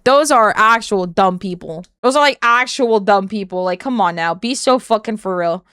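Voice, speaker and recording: A woman's voice: on the high side, moderate pace, hardly any pauses, a bit bright, clear, resonant tone, no room sound, studio quality. A woman streamer giving casual reaction commentary, blunt and profane, often breaking into shrieks and laughter.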